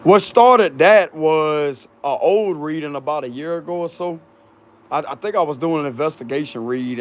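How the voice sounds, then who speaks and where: This man's voice is fairly high, with a little hiss or hum on the recording. He speaks with a Cajun accent as a tarot reader in a casual, rambling chat with supporters outdoors on a hot night, easygoing, laughing a lot and cursing freely.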